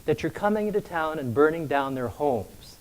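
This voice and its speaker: A man's voice: a little high, animated, moderate pace, lightly acted, rough recording. A man voicing a small, earnest frog who believes he is a prince, in a told story.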